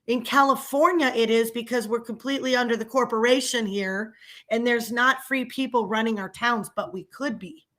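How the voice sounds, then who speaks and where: With a slightly high, fairly bright voice and fairly even intonation, a middle-aged woman speaks at a normal speed in a vlog. She is a small business owner and local commentator, and her delivery is an indignant, sarcastic, angry rant.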